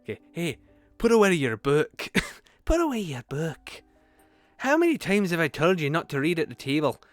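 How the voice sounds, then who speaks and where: Man playing a stern Scottish mum, shrill nagging voice, pitched well up, with faint music behind. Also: very animated, normal speed, no echo. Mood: scolding. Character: stern scolding Scottish mother.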